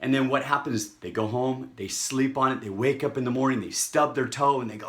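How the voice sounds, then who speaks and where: Man, sales trainer, energetic, plays out prospect dialogue, mid-pitched voice. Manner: energetic, acts out prospect dialogue in quick bursts. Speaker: network marketing trainer. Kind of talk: motivational sales training talk.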